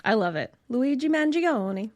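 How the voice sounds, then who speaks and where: A woman co-hosting a podcast, chatting casually with drawn-out words and frequent fillers. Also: fairly high pitch, lively intonation, a little mellow. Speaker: podcast co-host. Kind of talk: casual chat.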